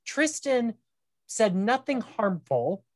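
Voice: medium pitch, slow, no echo. Dry-voiced opinionated podcast co-host. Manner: animated, opinionated, many fillers. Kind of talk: casual chat.

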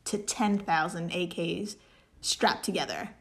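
A woman's voice: fairly low pitch, a little slow, creaky. A woman on a casual podcast, playfully explaining a problem step by step with jokes. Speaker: podcast co-host explaining science.

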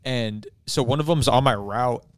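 A man's voice: medium pitch, normal speed, dry recording, clean studio sound. A man who cleans pools, in casual chat, telling stories with lots of swearing and acting out the dogs and people in them. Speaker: pool cleaner.

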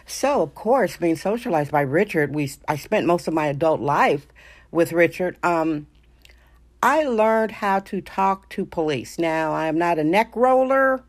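A middle-aged woman from Wisconsin hosting her own show, talking in an emphatic, self-assured and opinionated way. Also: on the low side. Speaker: podcast host. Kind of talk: casual monologue.

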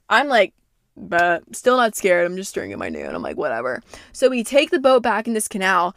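A woman's voice: medium pitch, dry recording, clean studio sound. Brash, profane young woman telling stories. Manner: brash, profane, gossipy, acts out quotes. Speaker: podcast host. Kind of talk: casual storytelling monologue.

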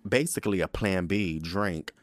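A young man hosting a podcast, recapping a TV episode in a sassy, profane, animated way and slipping into quick voices for the characters. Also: low-pitched, no room sound. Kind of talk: casual recap monologue.

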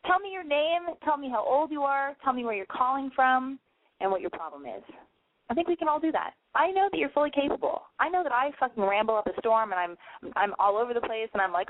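A woman's voice: high voice, dry recording. A young woman hosting a call-in advice show, blunt, profane and rambling, sounding nasal from a cold. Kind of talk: rambling online radio rant. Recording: tinny phone-like line, dry.

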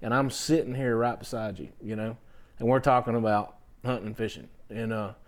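A middle-aged man with a fairly low, fairly quick voice, a guest songwriter telling stories in a casual interview. He's animated and acts out the people he quotes in other voices.

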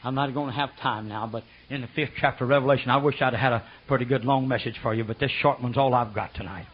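An older man preaching a sermon, rambling and folksy, swinging from low murmurs to high shouted bursts. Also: steady tone, fast talker, slightly rough. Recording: dull lo-fi sermon recording.

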